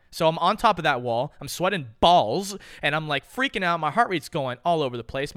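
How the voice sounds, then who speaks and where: Bright, crisp-voiced young man chatting. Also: fairly high pitch, no echo, clean studio sound. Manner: animated, profane, jokey storytelling. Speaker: podcast co-host. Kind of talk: casual chat.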